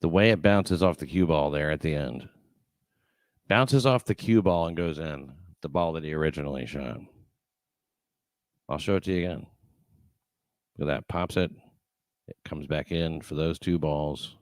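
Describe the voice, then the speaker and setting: Very deep-voiced profane stream host. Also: male voice, moderate pace, long pauses, no echo. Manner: rambling, profane, many fillers and restarts. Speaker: show host reading live chat. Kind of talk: casual livestream chat.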